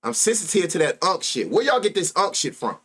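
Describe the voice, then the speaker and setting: A man's voice: sits high, big pitch swings, a little fast, a bit bright, slightly rough. Betting-stream host, man in his thirties, African American Vernacular English accent, loose and crude, laughs easily. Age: 30s. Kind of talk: casual profane live-stream banter.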